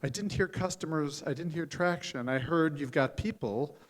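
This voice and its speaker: An older man, a venture capitalist, giving frank, joking feedback on startup pitches, with many restarts and fillers. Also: moderate pace. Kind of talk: live pitch coaching. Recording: hall reverb.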